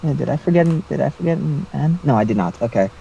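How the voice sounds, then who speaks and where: A man's voice: fairly high pitch, expressive, fast talker, vocal fry, warm tone, a little hiss or hum. A man joking around casually as a player in a tabletop game. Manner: jokey, laid-back. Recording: slightly dull lo-fi mic.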